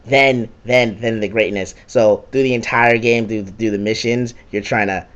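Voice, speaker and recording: A man's voice: on the low side, fairly even intonation, moderate pace, dull audio. A young man giving a casual, profane and sarcastic rant recapping a video game.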